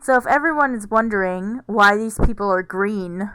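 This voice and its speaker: A woman's voice: mid-range voice, moderate pace, fairly bright tone, clear, resonant tone, dry recording, faint music behind. A woman streaming a game, musing aloud in casual let's-play commentary.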